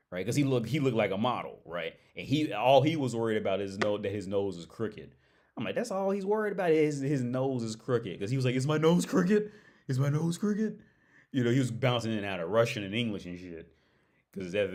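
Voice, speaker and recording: A man's voice: on the low side, fairly bright tone. A man hosting a livestream, telling a story in a loose, rambling way, laughing often, swearing and filling his talk with "like" and "right?". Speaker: livestream host.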